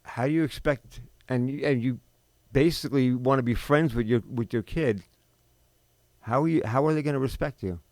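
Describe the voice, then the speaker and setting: Indignant middle-aged man, smooth and dry. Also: mid-range voice, normal speed, a little mellow, dry recording. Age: 50s. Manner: indignant, rambling, with frequent restarts and rhetorical questions. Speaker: podcast host. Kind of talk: unscripted monologue.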